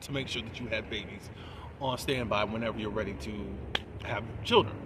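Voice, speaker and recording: A TV episode reviewer with a lowish voice talks fairly quickly over a noisy background. He recaps the episode in a casual, chatty way, laughing between points and putting questions to his viewers.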